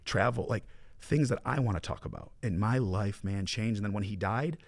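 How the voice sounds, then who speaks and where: A man, a mortgage broker guest, telling animated stories in a casual interview, acting out quoted dialogue and dropping to a hush. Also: lowish voice, moderate pace, vocal fry, no room sound. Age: 20s.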